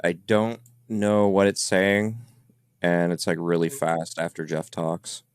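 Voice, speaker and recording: A man's voice: low voice, monotone, slow, background noise. A man who investigates the paranormal, chatting casually on a podcast about recordings his team captured. His talk is loose and rambling, full of fillers. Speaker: paranormal investigator reviewing evidence.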